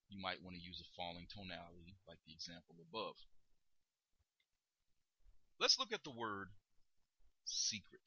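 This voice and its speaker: A man coaching listeners on tone of voice, explaining and demonstrating in a lively instructional monologue. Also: fairly low pitch, breathy edge, no echo, rough recording. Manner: demonstrates tones, emphatic and lively delivery. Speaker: dating coach.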